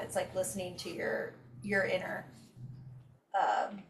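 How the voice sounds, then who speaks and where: A woman in a book club speaking softly, with her phrases trailing off at the ends. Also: on the low side, animated, a little slow. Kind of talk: casual group discussion. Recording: distant echoey mic with faint noise.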